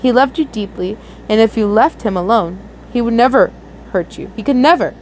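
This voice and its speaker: A woman's voice: on the high side, moderate pace, darkish tone, a little hiss or hum, rough recording. A young woman earnestly reading a romantic fan story aloud, often stumbling and restarting words. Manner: earnest, with frequent slips and restarts. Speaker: fanfiction reader.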